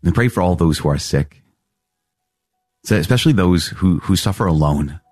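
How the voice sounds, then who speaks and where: A priest giving a gentle closing prayer and sign-off at the end of a podcast. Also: male voice, low-pitched, expressive, normal speed, no echo, faint music behind.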